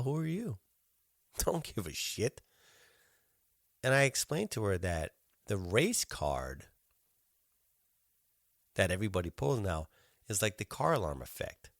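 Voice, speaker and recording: A man's voice: medium pitch, sing-song, normal speed, pauses often, fairly bright tone, dry recording, clean studio sound. A man hosting a podcast, ranting in casual chat, swearing constantly and mocking people as he tells a story. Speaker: podcast host.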